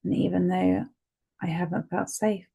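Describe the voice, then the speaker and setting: In a calm, gentle manner, a female EFT tapping guide supplies phrases for listeners to repeat at a moderate pace. She has a low voice with an even, flat melody and a gravelly fry.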